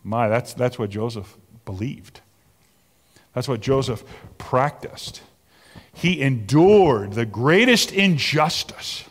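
Animated male preacher in a reverberant hall. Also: mid-range voice, takes it slowly. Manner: animated preaching, swinging from loud emphatic peaks to soft near-whispers. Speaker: pastor. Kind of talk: sermon.

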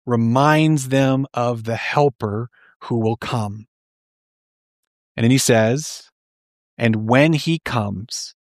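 A man preaching a sermon in an earnest, questioning way, explaining slowly and restarting phrases. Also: a little high, no room sound, clean studio sound. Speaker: pastor.

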